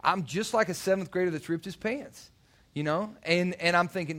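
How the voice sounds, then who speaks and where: A man's voice: high-pitched, normal speed, fairly bright tone. A man preaching a sermon, telling personal stories in a loose, conversational way with many restarts. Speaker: youth pastor.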